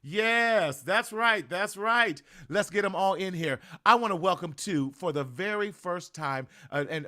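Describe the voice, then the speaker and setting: A middle-aged man from Southern California runs a live-streamed podcast launch party. He talks in a high-set voice, casual and full of slang, and keeps up a stream of hyped calls for viewers to join in. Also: pushed and bright. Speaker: podcast host.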